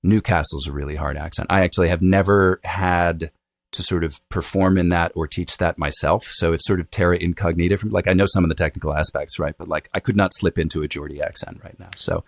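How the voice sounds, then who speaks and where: A man, a dialect coach, answering interview questions in a relaxed, explanatory way with many fillers. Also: low voice, brisk, gravelly, no room sound. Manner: thoughtful, explanatory, with frequent fillers.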